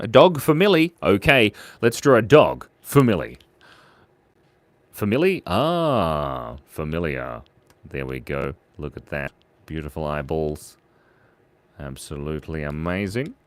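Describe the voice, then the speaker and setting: A playful man talks through a live drawing stream, calling out viewers' names. His voice sits low but bounces around a lot in pitch. He goes quiet and murmuring while he concentrates on the drawing. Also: unhurried. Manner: playful and animated, reads out chat names and gives shout-outs.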